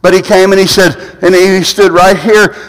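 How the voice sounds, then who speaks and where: A male pastor with a high voice, preaching a sermon in a church sanctuary. He keeps restarting and repeating words as he tells stories. A long hall reverb trails after every phrase. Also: level tone, moderate pace, a bit bright.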